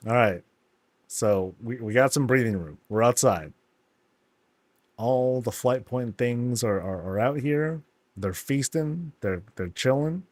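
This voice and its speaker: A man giving laid-back, amused commentary while touring houses in a video game, often laughing and putting on quick silly voices. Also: medium pitch, expressive, a little mellow, no echo. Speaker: streamer touring player housing in a game.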